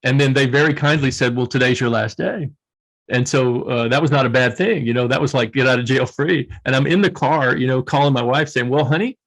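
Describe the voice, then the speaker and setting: Older guy, earnest and emotional, laughs a lot while telling his story. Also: mid-range voice. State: tearful. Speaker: guest author. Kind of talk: emotional reflective interview talk.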